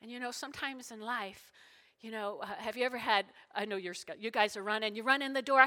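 Middle-aged woman pastor, folksy sermon, emotional, clear and bright, higher-pitched, slips into whispers. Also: brisk. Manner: emotional, breathy whispered prayers; folksy, talks to congregation as y'all.

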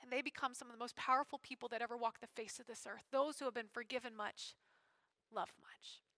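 A woman preaching a sermon in an animated, conversational way with casual slang. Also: on the high side, fast, dry recording.

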